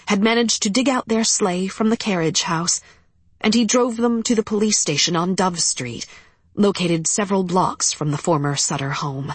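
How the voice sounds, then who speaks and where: Husky woman narrating an audiobook. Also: medium pitch, dry recording.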